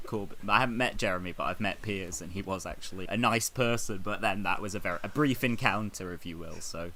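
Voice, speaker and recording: A man co-hosting a casual political podcast, chatty and quick to laugh at himself. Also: sits low, pushed and bright, slight background noise. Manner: laughs often, chatty and self-deprecating. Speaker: podcast co-host.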